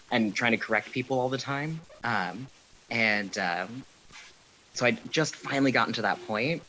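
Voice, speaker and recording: Relaxed man chatting with fillers. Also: medium pitch, moderate pace, slight background noise, rough recording. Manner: relaxed storytelling with frequent fillers. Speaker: guest. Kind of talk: casual interview chat.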